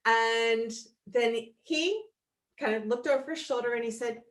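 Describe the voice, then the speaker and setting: Woman telling a lively story at church. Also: a little high, normal speed. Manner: lively storyteller who acts out quoted dialogue. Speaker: guest speaker.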